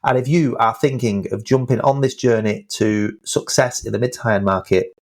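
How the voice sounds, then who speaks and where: A man's voice: medium pitch, normal speed. A man hosting a podcast in casual chat, talking with enthusiasm and often repeating words as he speaks. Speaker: podcast host.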